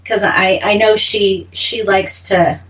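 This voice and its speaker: A woman's voice: mid-range voice, fairly even intonation, takes it slowly, fairly bright tone, distant mic, a little hiss or hum. A woman with an Oklahoma accent co-hosting a radio show, chatting casually and laughing often. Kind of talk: casual chat.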